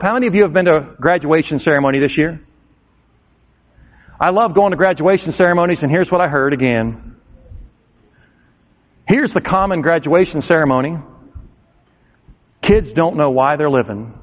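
A man preaching a sermon to a congregation, impassioned and swinging into shouted emphasis. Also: a little high, fairly quick, long pauses. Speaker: pastor. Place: church hall. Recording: tinny, echoey hall recording.

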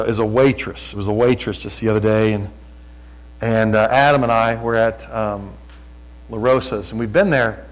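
A man preaching a sermon, telling folksy stories and talking loud, often repeating his phrases. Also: fairly low pitch, low-quality recording. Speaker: pastor.

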